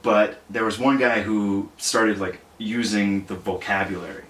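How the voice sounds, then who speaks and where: Give me a halting, deadpan male guest on a podcast. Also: lowish voice, recorded from a distance. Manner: halting, dry deadpan humor. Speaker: guest co-host. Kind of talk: casual chat. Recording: roomy and off-mic.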